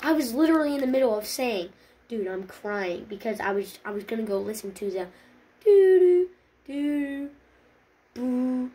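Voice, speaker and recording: A woman's voice: medium pitch, quick pace, a little mellow. A woman hosting her own channel, chatting casually while laughing and crying at once, tearful and sniffly. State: tearful, runny nose. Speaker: channel host. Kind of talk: casual chat.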